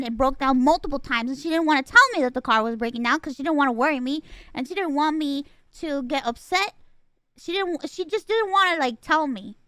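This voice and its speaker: Woman streamer, high and bright-toned, rambling emotional storyteller who swears a lot, close dry sound. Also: dry recording.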